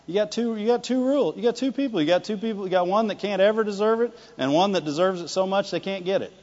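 A male preacher giving an animated sermon, swinging between loud declarations and hushed asides, often laughing and calling for the congregation's response. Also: sits high, fast talker, hardly any pauses. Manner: laughs often, calls for "Amen" and "Right". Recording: dull lo-fi sound with long hall reverb.

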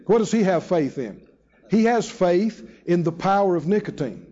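A man preaching to a congregation in a church, his voice pitched very high and swooping widely as he leans on key phrases. He slips into other people's voices to tell his stories. The recording is dull and lo-fi. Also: lively intonation, dark tone. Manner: emphatic, call-and-response, drawn-out phrases; storytelling with voiced quotes. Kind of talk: sermon. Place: church hall with live audience.

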